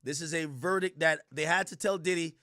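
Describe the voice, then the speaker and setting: Dude ranting and cracking jokes on his stream, high bright voice, super dry sound. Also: brisk, no echo. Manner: loud, joking, profane rant. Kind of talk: live reaction commentary.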